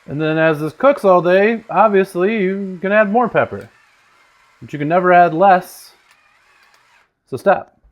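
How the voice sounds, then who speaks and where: Speaking at a measured pace with frequent pauses, a high-pitched man hosts a laid-back cooking demonstration in his home kitchen, and the recording's highs are cut off. He chats and jokes, his loudness swinging lively as he drifts from the mic now and then.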